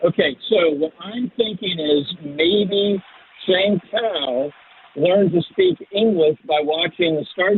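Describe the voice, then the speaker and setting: A man's voice: high voice, slow pace, slightly rough. A man calling in to a radio show, rambling with lots of ums over a phone line. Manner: rambling, many ums, laughs along. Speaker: caller. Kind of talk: phoning in to a talk show.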